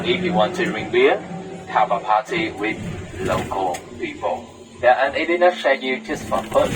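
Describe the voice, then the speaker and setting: A tour guide with a Vietnamese accent talks tourists through the trip, hesitating often with "uh". He speaks slowly in a lowish voice. He's picked up from a distance inside a moving bus, with music playing clearly behind him. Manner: halting, with many "uh" fillers. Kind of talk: explaining to tourists.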